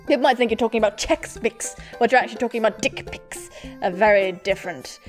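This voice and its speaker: A young woman gaming YouTuber playing a dating game at home, reading the text aloud with giggly, playful commentary and sudden loud squeals. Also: fairly high pitch, fast talker, soft background music. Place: home room with a pet cat. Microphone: desk mic with face cam.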